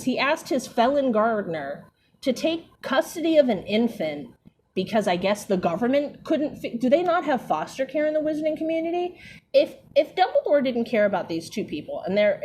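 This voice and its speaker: A woman's voice: mid-range voice, a little mellow, a little hiss or hum, poor audio. Sarcastic, swearing young woman streamer. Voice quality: sarcastic, profane, exasperated. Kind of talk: reading a book aloud with ranting commentary.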